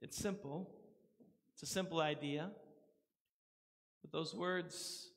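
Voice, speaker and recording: High-voiced pastor preaching in a church. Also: male voice, fairly even intonation, slow, gravelly. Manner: earnest, rising for emphasis and dropping to a hush. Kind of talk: sermon. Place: church sanctuary. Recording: long church reverb.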